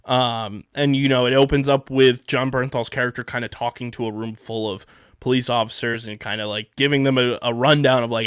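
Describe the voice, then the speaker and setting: A man's voice: mid-range voice, steady tone, brisk, a bit bright, clear, resonant tone, dry recording, studio quality. A man from the Philadelphia area co-hosting a podcast, talking about a TV show in a casual, rambling way with lots of fillers and restarts. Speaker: podcast co-host. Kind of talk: casual show review chat.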